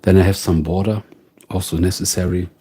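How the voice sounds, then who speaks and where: A man with a German accent hosting a casual live stream from home, musing slowly and greeting viewers by name. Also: sits low, fairly even intonation, mellow, slightly rough. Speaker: livestream host.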